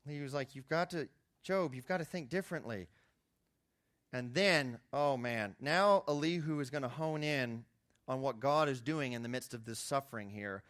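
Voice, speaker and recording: A young man preaching a conversational sermon, his voice jumping high when he makes a point. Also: normal speed, fairly bright tone, dry recording, clean studio sound. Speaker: youth pastor.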